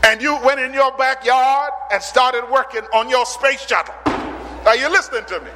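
A man from the Caribbean islands preaching a sermon, dramatic, with rhetorical questions and sudden loud peaks. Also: very high-pitched, moderate pace, a little hiss or hum. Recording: long hall reverb.

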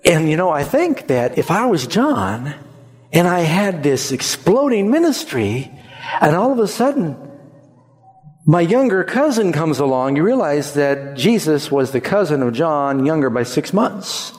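A man's voice: fairly high pitch, sing-song, unhurried, darkish tone. A man preaching a sermon with emphasis, leading the congregation in repeating phrases. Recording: long hall reverb.

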